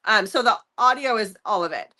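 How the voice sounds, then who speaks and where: A woman co-hosting a book review show, talking in an animated, rambling way and laughing often. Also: mid-range voice, fairly quick. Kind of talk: casual chat.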